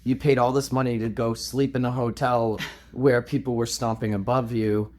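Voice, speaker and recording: A man's voice: mid-range voice, level tone, moderate pace, a little mellow, a little hiss or hum. A man co-hosting a podcast in casual chat, dropping dry, teasing quips. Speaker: podcast co-host.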